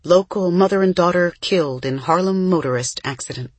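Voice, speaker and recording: A husky, slightly breathy narrator reads a children's novel in a gentle, measured way at a mid pitch. The recording is close and dry, with no room sound. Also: no echo. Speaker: audiobook narrator.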